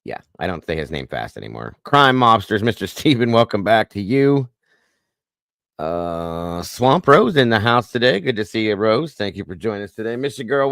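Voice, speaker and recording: A man's voice: fairly low pitch, a bit bright, clean tone, dry recording, clean studio sound. A man hosting a casual livestream chat, goofy and corny, greeting viewers by name. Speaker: livestream host.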